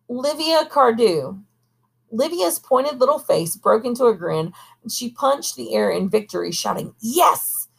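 A woman reading a novel aloud at a steady pace, now and then pausing to correct herself. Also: medium pitch, creaky, breathy edge. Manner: steady reading with occasional coughs and self-corrections. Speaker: audiobook reader. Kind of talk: amateur audiobook reading.

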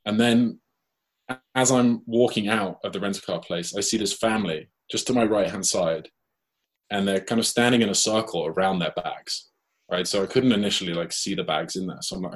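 Husky British man telling a story. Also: deep voice, brisk. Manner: lively anecdote, acts out his own and others' quoted lines. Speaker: guest. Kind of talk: casual storytelling.

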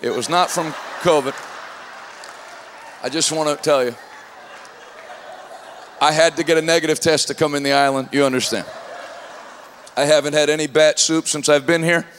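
A man preaching a sermon to a congregation, telling humorous stories and at times rising to shouts. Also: fairly high pitch, steady tone, normal speed, pauses often, some chatter behind, a little hiss or hum. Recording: long hall reverb.

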